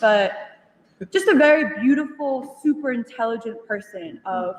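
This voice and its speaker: A young woman retelling a conversation to a study group, animated and full of fillers, laughing as she goes. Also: fairly high pitch, moderate pace. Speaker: union member sharing at a study group. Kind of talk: casual storytelling in a group discussion. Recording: echoey hall, voice from far off.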